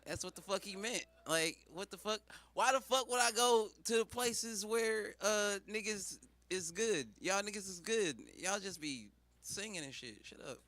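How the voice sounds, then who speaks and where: High, bright profane comedian. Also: male voice, unhurried, few pauses, no room sound. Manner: preachy mock-sermon call-outs. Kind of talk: profane stand-up riff.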